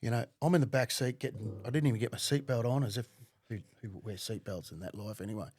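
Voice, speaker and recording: A man's voice: mid-range voice, quick pace, slightly rough, dry recording. Swearing man telling a wild story. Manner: profane, animated, laughing. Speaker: podcast guest. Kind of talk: casual storytelling.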